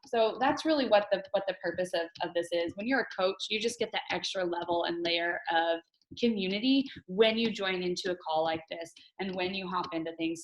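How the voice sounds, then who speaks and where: A woman's voice: mid-range voice, a bit bright. Chatty woman on an echoey video call. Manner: chatty and candid, laughing often. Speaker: team coach host. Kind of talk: casual team video call chat.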